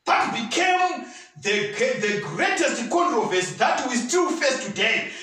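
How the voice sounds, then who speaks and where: High-pitched fervent preacher man, echoing. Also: very animated, a little slow, faint music behind. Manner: fervent, often shouting for emphasis. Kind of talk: sermon. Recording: echoey room, mic at a distance.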